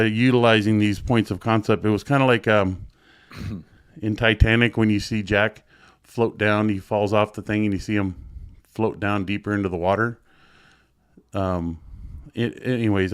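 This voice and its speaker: Low smooth guy telling his story, cusses a lot, rambles, super dry sound. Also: no echo. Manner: blunt, swears freely, rambling asides. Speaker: guest sharing his story. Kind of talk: emotional casual storytelling. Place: joining a livestream remotely.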